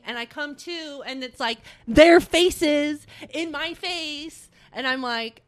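A young woman telling a story in casual chat, animated and swearing, acting out what people said. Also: high-pitched, normal speed, hardly any pauses, clear, resonant tone, no room sound.

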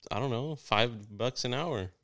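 A man's voice: medium pitch, unhurried, fairly bright tone. A man hosting a podcast, joking around in laid-back casual chat. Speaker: podcast host.

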